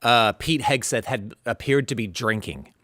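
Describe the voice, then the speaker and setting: A man hosting a political talk show, speaking in an animated, sarcastic way. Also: medium pitch, normal speed, dry recording, clean studio sound. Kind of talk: political commentary chat.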